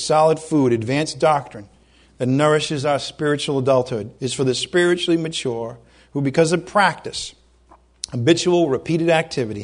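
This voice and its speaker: A man preaching a sermon, fervent and emphatic, who slows down to read scripture and stumbles over his words when worked up. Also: fairly high pitch.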